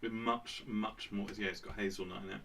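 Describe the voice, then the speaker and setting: A man's voice: lowish voice, fairly even intonation, fairly quick, creaky, sharp tone, distant mic, a little hiss or hum. A man with a posh English accent, co-hosting a casual chat show with jokey, offhand banter and casual swearing. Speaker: podcast co-host.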